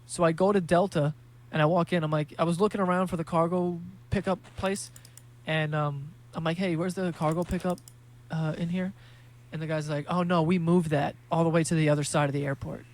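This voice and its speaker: A man's voice: fairly high pitch, steady tone, fast. A young man hosting a podcast, telling rambling, profane, joking stories in casual chat. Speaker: podcast host.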